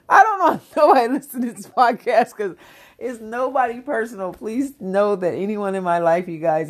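A woman's voice: fairly high pitch, animated, normal speed. A middle-aged woman hosting a dating-coach podcast, delivering a brash, profane comic rant and laughing often.

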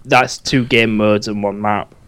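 A man's voice: lowish voice, steady tone, unhurried, a bit bright, clean tone, no room sound. A man chatting casually as a podcast co-host about games, blunt and swearing freely. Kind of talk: casual gaming chat.

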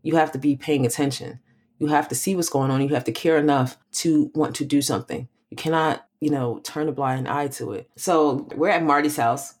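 Low-voiced woman, measured and explanatory. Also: steady tone, darkish tone. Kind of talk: casual chat recapping a film.

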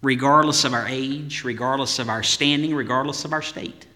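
A man's voice: mid-range voice, steady tone, moderate pace, sharp tone, in a large hall. A man preaching a sermon as pastor, in an emphatic voice with rhythmic lists and rhetorical questions.

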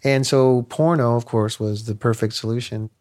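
A man's voice: medium pitch, fairly even intonation, moderate pace, background noise. A man in an interview, telling frank personal stories in a loose, colloquial way. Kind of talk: candid personal storytelling.

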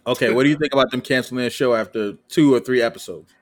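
A man of middling pitch hosts a casual podcast chat. He moves things along between topics in a relaxed, loose way. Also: fast. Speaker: podcast host.

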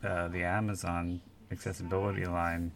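A man co-hosting a podcast, chatting casually about a film, slow and hesitant with crude humor. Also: deep voice, little pitch movement, fairly bright tone. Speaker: podcast co-host.

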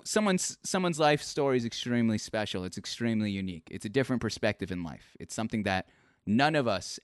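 A man hosting a livestream interview show, talking in an animated way and often repeating his words. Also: medium pitch, clear, resonant tone, no room sound, studio quality. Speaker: host.

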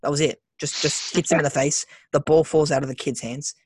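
A man's voice: fairly high pitch, fairly quick, husky, dry recording. A young Australian man telling stories in casual chat, keeps checking in with "right?". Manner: animated storyteller, keeps adding "right?".

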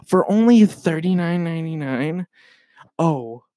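Young male podcast host, solo rant: excitable, profane, bursts loud, dry close sound. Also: a little high, a little slow, no room sound.

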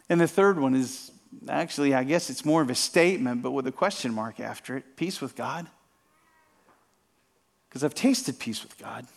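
A man's voice: mid-range voice, expressive, normal speed, vocal fry. A man preaching a sermon in a church, earnest, often repeating his phrases and stumbling on words as he builds and drops his intensity. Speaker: pastor. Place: church sanctuary.

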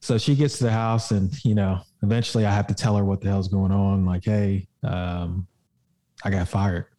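A man's voice: low-pitched, level tone, normal speed, dark tone. A young adult man, a podcast guest and fitness coach, telling a personal story in a casual way, with lots of fillers and some swearing.

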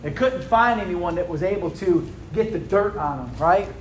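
A man's voice: high voice, expressive, moderate pace, a little hiss or hum. A man preaching a sermon to a congregation in a room, tossing rhetorical questions out for them to answer.

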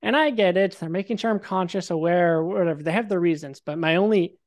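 A young man, a guest on a podcast, talks in a high voice at a slightly fast clip. He tells his story in a casual, vivid, animated way, swearing freely and acting out what people said.

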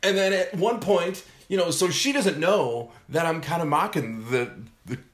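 This man's voice is fairly high and his pace moderate as he relays a funny anecdote on a podcast in a relaxed way. He laughs a lot, gets animated, and performs other people's quotes, with the room sounding echoey.

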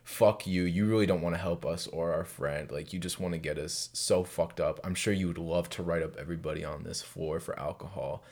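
A man's voice: low-pitched, steady tone, fairly quick, few pauses, a little mellow. A man putting on the voice of a hostile, drunk male college student who swears and accuses. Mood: angry.

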